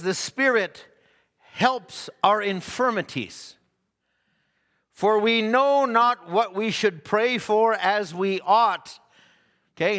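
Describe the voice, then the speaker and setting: High, bright-voiced preacher in a reverberant hall. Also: male voice. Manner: earnest, with frequent stammered restarts. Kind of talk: sermon.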